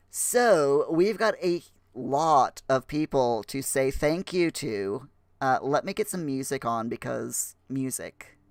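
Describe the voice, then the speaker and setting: A man hosting a game livestream in chatty, halting speech full of fillers, putting on a rough Scottish accent. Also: medium pitch, no echo. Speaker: livestream host. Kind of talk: casual livestream chat.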